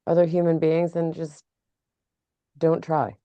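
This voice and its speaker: Deep-voiced blunt woman. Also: flat delivery, measured pace, smooth, dry recording, muffled recording. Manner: frank, blunt, chimes in with agreement. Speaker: podcast co-host. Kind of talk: casual chat.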